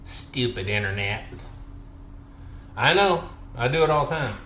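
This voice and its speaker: A man's voice: mid-range voice, animated, unhurried, fairly bright tone, echoey room, a little hiss or hum. A man chatting on a workout live stream, counting reps aloud, out of breath and joking between sets. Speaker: fitness vlogger.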